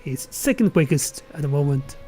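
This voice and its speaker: A man's voice: a little high, lively intonation, normal speed, warm tone, a little hiss or hum. A man giving casual live commentary on a sim racing qualifying session, thinking aloud and correcting himself as he goes.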